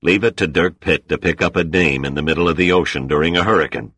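A man's voice: low-pitched, fast talker, fairly bright tone, dry recording. A man voicing an older admiral in an audiobook, commanding but kindly. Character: gruff older male admiral, fatherly.

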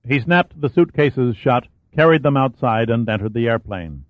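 A man narrating an audiobook thriller in a steady storytelling manner. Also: mid-range voice, normal speed, no echo. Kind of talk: scripted narration. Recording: dry, phone-like narrow sound.

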